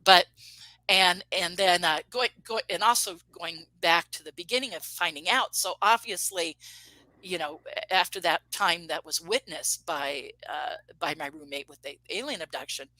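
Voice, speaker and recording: With a voice on the low side and a moderate pace, a woman in her fifties tells her own story as an interview guest, bright and forceful in tone. Quoted exchanges get an animated treatment, and she frequently restarts her sentences. The audio is dry, close and rough.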